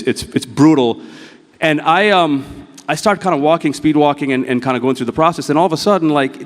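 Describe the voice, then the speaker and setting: Profane storytelling man on stage. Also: on the high side. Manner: profane, storytelling, acts out dialogue. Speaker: motivational speaker. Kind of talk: live keynote talk with slides. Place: large event hall. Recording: long hall reverb.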